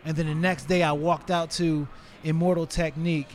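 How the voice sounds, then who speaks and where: A man in his forties talks as a podcast guest, sitting back and telling stories with plenty of fillers. His voice sits fairly high for a man, and he gets animated whenever he acts out a scene. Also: normal speed. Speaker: guest, retired fighter. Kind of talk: casual storytelling in conversation.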